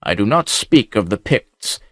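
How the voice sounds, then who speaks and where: A man voicing a brooding, haunted nobleman who speaks slowly and somberly, in an audiobook reading. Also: fairly low pitch, big pitch swings, a bit bright, no echo, clean studio sound. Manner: somber, slow.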